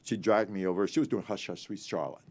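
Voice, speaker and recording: A man in his eighties, an actor and author telling lively, rambling Hollywood stories in an interview and acting out the people in them. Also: low-pitched, husky. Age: 80s. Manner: animated, rambling, laughing, quick to act out others. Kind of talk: anecdotal interview storytelling.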